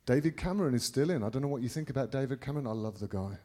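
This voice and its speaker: A middle-aged Englishman preaching by telling a personal story, rambling with many restarts and sudden jumps in loudness. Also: medium pitch, lively intonation, racing. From England. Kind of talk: anecdotal preaching to a congregation.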